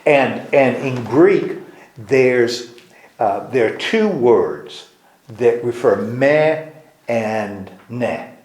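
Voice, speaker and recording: A man's voice: medium pitch, expressive, very slow, darkish tone. Man teaching a Bible study, roomy sound. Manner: explains at length with many restarts and asks the group questions. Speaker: pastor leading a Bible study. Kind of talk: informal teaching discussion. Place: church meeting room. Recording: echoey room.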